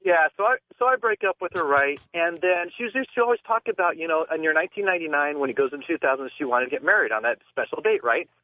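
A man calling into a radio show, telling a long personal story in a halting, rambling way with nervous laughs. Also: on the high side, lively intonation, no echo. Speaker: caller. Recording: tinny phone line.

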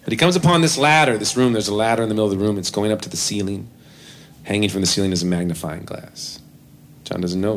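A man performing live, telling a comic story between songs in an animated, self-deprecating way into a stage microphone. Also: lowish voice, quick pace, slight background noise. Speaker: comedic musician performing live. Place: live venue with audience.

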